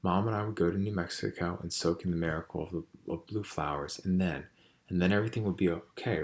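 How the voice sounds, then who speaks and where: A man reading a novel aloud in a measured, quiet storytelling manner. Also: low-pitched. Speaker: audiobook reader.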